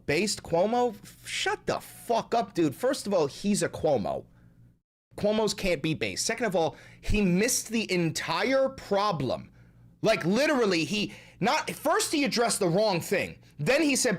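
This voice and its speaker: Mocking New streamer man, animated. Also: high-pitched. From New York. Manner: crude, mocking, heated. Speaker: streamer reacting to clips. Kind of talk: profane reaction commentary.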